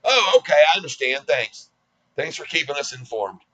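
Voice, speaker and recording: A man's voice: on the high side, very animated, normal speed, pushed and bright, lo-fi sound, heavily acted. A man in his sixties mimicking dopey, gleeful male short-selling traders in a mocking, exaggerated way. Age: 60s.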